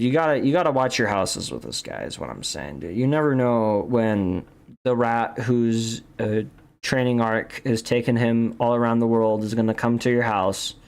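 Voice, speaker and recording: A young man streaming while he draws, rambling in goofy casual chat, full of restarts and jokes. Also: mid-range voice. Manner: goofy, jokey, repeats and restarts, says dude a lot.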